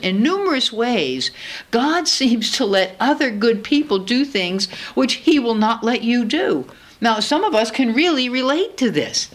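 A woman's voice: sits high, fairly bright tone. A woman in her sixties preaching a sermon in a church, earnest and personal, acting out her own talks with God. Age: 60s.

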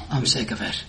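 A middle-aged woman gives a church testimony as an animated storyteller, acting out her own past conversations. Her voice rings with a roomy echo over a faint hiss of background noise. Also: extremely low pitch. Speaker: church speaker giving a testimony. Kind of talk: personal testimony.

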